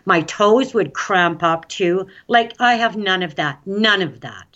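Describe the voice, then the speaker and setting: A woman guest telling her own story in a casual interview, chatty and excitable, recorded on dull lo-fi audio. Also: mid-range voice, measured pace.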